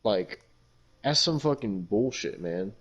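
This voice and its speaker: A man's voice: fairly low pitch, animated, takes it slowly, slightly rough, muffled recording. A man hosting a casual podcast, ranting heatedly and swearing constantly. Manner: heated, heavily profane ranting. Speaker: podcast host.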